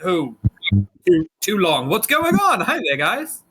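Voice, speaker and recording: A chummy, flirty tiefling shopkeeper, put on by a man, high and bright. He greets customers with eager, overly welcoming friendliness in a tabletop game. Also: huge pitch swings, slow pace, full character voice, rough recording. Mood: friendly.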